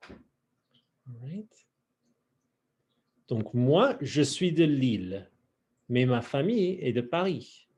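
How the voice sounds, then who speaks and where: Lively, husky-voiced French teacher. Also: male voice, medium pitch. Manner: drawls y'all, drills phrases slowly. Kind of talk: online class teaching. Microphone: video call.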